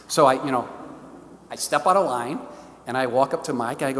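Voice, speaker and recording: A man's voice: mid-range voice, fast. A middle-aged man with a St. gives an enthusiastic, story-filled talk to a parish and acts out the conversations he tells. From St. Louis, Missouri. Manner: animated, enthusiastic storyteller who acts out the dialogue. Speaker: diocesan stewardship director giving a parish talk. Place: church. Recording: long reverb of a church hall.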